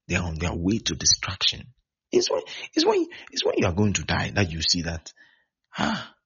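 A man's voice: on the low side, a bit bright, breathy edge. A man preaching a sermon as pastor, exhorting with lots of repetition. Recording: dull lo-fi recording.

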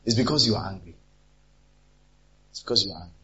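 A man with a deep, husky voice preaches a sermon quickly and animatedly, acting out quarrels in different voices. The recording is dull and lo-fi.

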